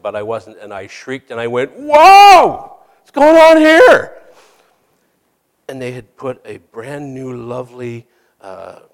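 Candid man preaching in a reverberant hall. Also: medium pitch. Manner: candid, storytelling, self-deprecating with small laughs. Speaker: hospice chaplain and preacher. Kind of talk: sermon.

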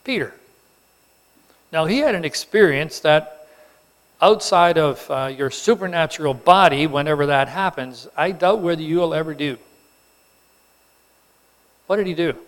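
A man preaching a sermon, telling the story with animated emphasis and acting out the characters. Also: a little high, measured pace, pauses often. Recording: long hall reverb.

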